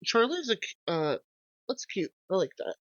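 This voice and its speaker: A young adult streamer in casual let's-play commentary, reading game lines aloud and chatting to viewers with animated, swearing asides. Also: mid-range voice, moderate pace, dry recording, muffled recording. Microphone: desk mic with gain adjusted.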